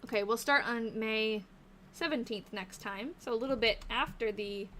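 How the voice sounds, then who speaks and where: A woman's voice: fairly high pitch, moderate pace, fairly bright tone, a little hiss or hum. A tired woman hosting a live stream, thinking aloud as she reads old newspaper snippets and chats to her viewers. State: tired, yawning. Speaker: live-stream host researching old diaries. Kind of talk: casual live-stream chat while reading aloud.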